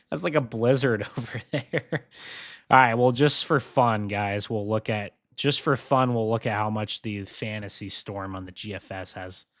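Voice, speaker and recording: A young man hosting a live weather briefing, chatty and excitable, often laughing as he talks through forecast models. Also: fairly low pitch, measured pace, no echo, studio quality. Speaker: weather livestream host.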